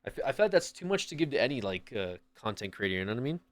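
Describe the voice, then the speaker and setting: A man's voice: medium pitch, sing-song, racing, no room sound. A man streaming and chatting casually, rambling with hesitant restarts as he thanks a viewer. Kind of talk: casual chat, thanking a donor.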